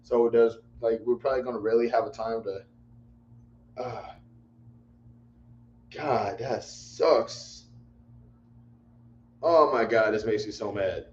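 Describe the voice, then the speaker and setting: A man's voice: mid-range voice, slow, pauses often, darkish tone. Exasperated man rambling on a livestream. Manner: exasperated, rambling, repeats himself. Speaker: livestream host. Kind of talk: casual livestream chat. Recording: echoey room, dull lo-fi mic, faint hum.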